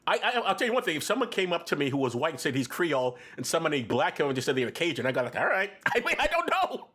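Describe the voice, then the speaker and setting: A man with a high, bright-sitting voice that swoops all over the place as he talks. He co-hosts a casual podcast chat, excitable and animated, with laughter bubbling up between his sentences. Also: racing. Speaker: podcast co-host.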